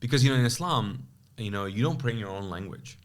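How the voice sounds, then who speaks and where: Animated storytelling man from Kuwait. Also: medium pitch, fast talker. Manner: animated, acts out quoted dialogue with many asides. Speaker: pastor, podcast guest. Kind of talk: personal testimony storytelling.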